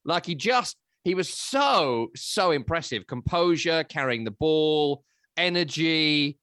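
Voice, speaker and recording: A man, hosting a casual football analysis chat, chatty and animated. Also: a little high, takes it slowly, no room sound, clean studio sound. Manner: animated, chatty, breaks into silly voices. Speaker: football podcast host.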